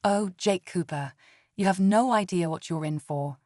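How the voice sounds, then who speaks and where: A woman's voice: on the low side, measured pace, darkish tone, no room sound, studio quality, natural voice. A woman reading a teasing alien cowgirl.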